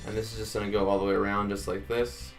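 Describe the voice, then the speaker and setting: Fast, gravelly man narrating a tutorial. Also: on the low side, little pitch movement, faint music behind. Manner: chatty, addresses viewers as guys, counts blocks aloud. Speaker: Minecraft tutorial host. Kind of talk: casual building tutorial narration.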